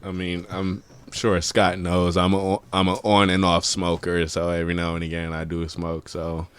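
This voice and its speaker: A man guest on a casual podcast, soft-spoken and hesitant, trailing off with fillers. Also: sits low, completely flat delivery, moderate pace, smooth. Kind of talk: casual chat.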